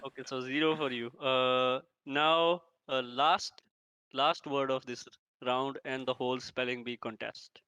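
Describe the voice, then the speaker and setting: Mock-stern teacher with a bright voice. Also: male voice, mid-range voice, fairly even intonation, unhurried, a little hiss or hum, rough recording. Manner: mock-stern, hesitant with many fillers. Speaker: teacher running a spelling bee. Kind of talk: comedic classroom role-play.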